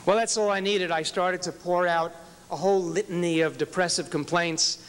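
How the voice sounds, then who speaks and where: High smooth-voiced man giving an earnest speech, big echoey hall. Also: fairly even intonation, normal speed. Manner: earnest, storytelling, acts out quoted prayers softly. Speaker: rabbi and speaker. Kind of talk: inspirational speech. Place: large event hall. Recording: hall with long reverb.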